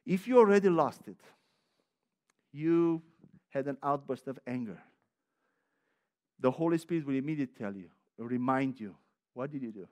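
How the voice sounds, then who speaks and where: A man's voice: mid-range voice, expressive, normal speed, long pauses, darkish tone. A man preaching a sermon as a pastor. He talks with heavy emphasis and repetition, often restarting his sentences, and mixes in personal asides with light laughter.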